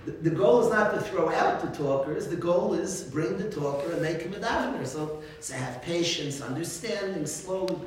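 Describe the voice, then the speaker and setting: A man, a rabbi, giving an informal religious talk full of animated stories and frequent chuckles. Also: a little high, moderate pace, few pauses. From United States. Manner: animated storytelling, chuckles often. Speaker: rabbi teaching a class. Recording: very echoey room, distant mic, faint noise.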